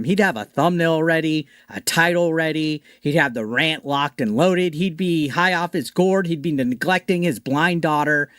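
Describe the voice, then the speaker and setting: A man's voice: a little high, dry recording, studio quality. A man delivering a sarcastic, mocking commentary rant with swearing.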